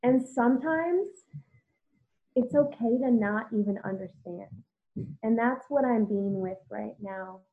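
A woman's voice: on the high side, a little slow. A woman hosting a podcast, telling a personal story candidly and reflectively, with many "like"s. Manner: reflective, heavy use of "like". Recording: tinny phone-like audio.

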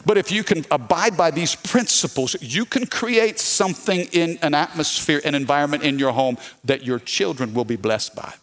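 Lively preacher man. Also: fairly high pitch, normal speed, few pauses. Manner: lively preaching with call-and-response. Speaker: pastor. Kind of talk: sermon.

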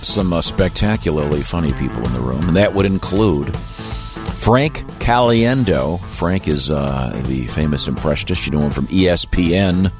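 A man hosting a radio talk show, wry in banter and brisk when reading promos. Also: sits low, expressive, over music.

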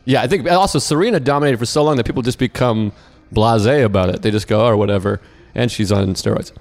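A man from the Boston area, a podcast guest, chatting in animated, jokey bursts. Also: mid-range voice, quick pace. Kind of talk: casual podcast chat.

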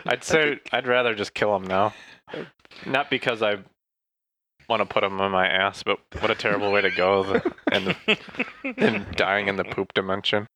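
A man's voice: fairly low pitch, moderate pace, bright, forceful tone. A man playing a tabletop game, laughing and exasperated as he talks. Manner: giggly, exasperated. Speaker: player. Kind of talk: casual tabletop play.

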